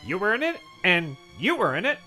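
A man's voice: sits high, huge pitch swings, sharp tone, soft background music, heavily acted. A man playing a gleeful, miserly rich tycoon in a comic radio play. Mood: cheery. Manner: gleeful, chirpy, quick to laugh. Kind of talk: comedy radio-play acting.

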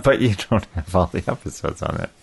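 A man with a fairly low voice hosts a podcast in casual chat. He jokes sarcastically and laughs often between lines. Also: expressive, fast, husky. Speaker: podcast host and songwriter.

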